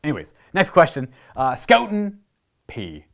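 A man's voice: on the high side, huge pitch swings, unhurried, creaky. A young man with an Ontario Canadian accent, hosting and rambling casually through viewer questions. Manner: rambling, chatty, with frequent restarts and asides. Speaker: host answering viewer questions. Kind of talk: casual chat to camera.

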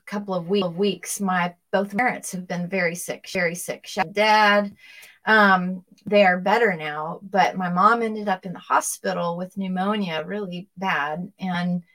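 A woman's voice: fairly low pitch, fairly even intonation, a little slow, a bit bright. Woman co-host, conversational, talks about her family and leads prayer. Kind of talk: casual talk, leading prayer.

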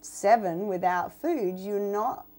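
A woman's voice: medium pitch, slow pace, warm tone. A woman with an Australian accent, talking casually on a podcast and explaining things with plenty of fillers. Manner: chatty, explains with many fillers. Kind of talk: casual chat.

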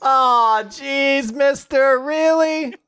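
A man's voice: drawn-out words, pushed and bright, no echo, clean studio sound, faint music behind, heavily acted. A man putting on a whiny little boy. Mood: pleading. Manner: high whiny pleading. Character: small starving boy, pleading and timid.

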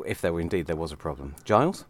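A man's voice: low voice, lively intonation, very fast, background noise. A man in a casual panel chat, wry and pedantic. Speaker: podcast panelist.

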